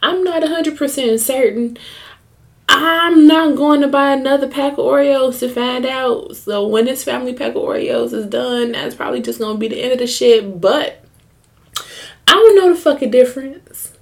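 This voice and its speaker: A woman's voice: high-pitched, normal speed, vocal fry. A young woman hosting her own podcast, chatting candidly and profanely in a joking, storytelling way. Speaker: podcast host. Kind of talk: casual solo podcast chat.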